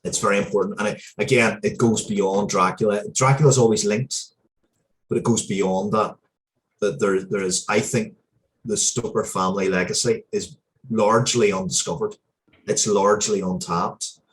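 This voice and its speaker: Deep-voiced man, earnest and heartfelt. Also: fairly even intonation, moderate pace, slight background noise. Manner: earnest, heartfelt, with frequent hesitations and restarts. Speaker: interview guest, comic book writer. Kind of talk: casual interview storytelling.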